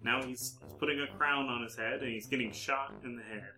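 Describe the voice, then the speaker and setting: A man co-hosting a podcast, describing charades gestures aloud in a halting running commentary. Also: medium pitch, fairly even intonation, roomy sound, over music. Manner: halting, narrating gestures as they happen. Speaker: podcast co-host. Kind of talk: live play-by-play of charades.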